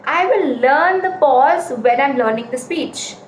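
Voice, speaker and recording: A woman teaches public speaking in a casual, emphatic way, driving home each point with repeated examples. Her voice sits high. The recording is roomy, with a faint hum of ambient noise behind her. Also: animated, unhurried. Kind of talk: casual spoken lesson.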